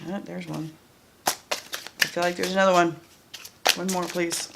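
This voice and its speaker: A woman's voice: lowish voice, flat delivery, measured pace, creaky, background noise. A woman doing a casual tarot card reading, chatty and blunt, who often repeats her phrases and swears freely. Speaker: tarot reader.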